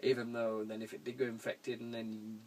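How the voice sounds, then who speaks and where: A man's voice: fairly low pitch, monotone, normal speed, a little mellow, slight background noise. A young man chatting through viewer questions in a rambling way, chuckling often and swearing casually. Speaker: vlogger answering viewer questions. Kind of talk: casual Q&A video. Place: room at home.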